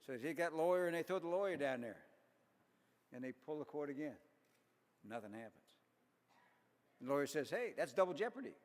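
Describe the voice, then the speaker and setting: An older man giving an after-dinner speech at a banquet, telling folksy jokes with deadpan punchlines and chuckling at his own jokes. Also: on the high side, moderate pace, pauses often. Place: large banquet hall. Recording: long hall reverb.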